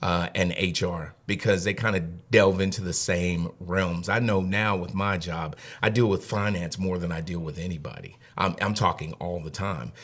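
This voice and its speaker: A man's voice: low voice, moderate pace, hardly any pauses, fairly bright tone. A man in his thirties, a guest on a podcast, giving earnest advice in casual talk and often repeating words as he thinks. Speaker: HR director guest.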